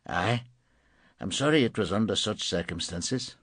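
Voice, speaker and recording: Man voicing a quiet fellow, plain-spoken, low, husky voice. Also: lively intonation, a little slow, no room sound, full character voice. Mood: sympathetic.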